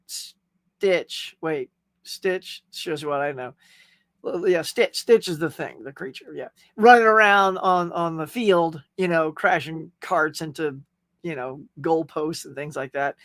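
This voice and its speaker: A man's voice: sits high, a bit bright, dry recording. A middle-aged man with a Southern US accent, casually hosting a live stream, chatting, laughing often and greeting viewers by name. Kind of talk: casual live chat reading comments.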